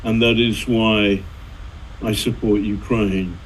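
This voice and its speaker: A man's voice: on the low side, slow pace, poor audio. Rambling middle-aged male journalist, faint hum. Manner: rambling, many fillers and restarts, animated anecdotes. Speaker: journalist and author, guest. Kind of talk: conversational storytelling.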